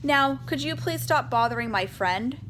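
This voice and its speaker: A woman voicing a spirited, chatty young schoolgirl, bright and quick to protest. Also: sits high, expressive, slight background noise, pitched above the performer's own voice. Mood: eager. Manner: bright, eager, indignant.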